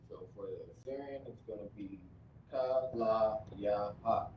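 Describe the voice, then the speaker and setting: A man teaching script and pronunciation in a slow, repetitive lesson, often stopping to correct himself. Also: fairly low pitch, a little hiss or hum. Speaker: language teacher. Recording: distant, dull, echoey room recording.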